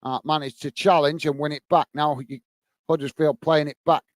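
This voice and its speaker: A man's voice: on the high side, fairly even intonation, normal speed, no echo. A man from England hosting a live football watchalong, casually commentating the play and chatting to viewers. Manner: casual, chatty, calls viewers mate and guys. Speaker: watchalong host.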